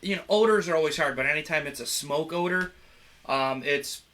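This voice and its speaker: A young adult man chats casually as a guest on a livestream. He sounds easygoing and laughs often, with a bright, forceful voice pitched somewhat high. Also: a little fast. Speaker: production manager guest.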